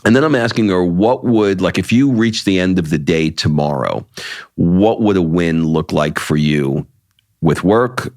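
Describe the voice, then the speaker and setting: A man's voice: sits low, lively intonation, unhurried, a little mellow, dry recording, studio quality. A middle-aged man co-hosting a podcast in casual chat, blunt and candid, swearing freely and often restarting his sentences. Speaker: podcast co-host.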